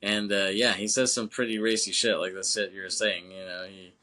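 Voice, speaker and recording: A man co-hosting a laid-back movie podcast, rambling through his thoughts and peppering them with "you know what I'm saying" and the odd curse. His voice sits a little low but carries a bright, forceful edge. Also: level tone, fairly quick. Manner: swears casually. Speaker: podcast co-host. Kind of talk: casual film podcast chat.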